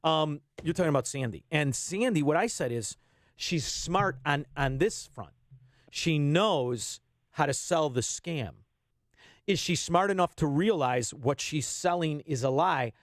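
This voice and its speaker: A man, ranting bluntly as a radio guest and swinging between loud bursts and low asides. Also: expressive, measured pace, no room sound, clean studio sound. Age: 50s. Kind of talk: heated political radio talk.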